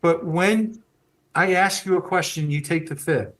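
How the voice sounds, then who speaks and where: A man with a fairly high-pitched voice asks a witness questions. His tone is measured and persistent as he presses her on which questions she will answer. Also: a bit bright. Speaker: questioning attorney.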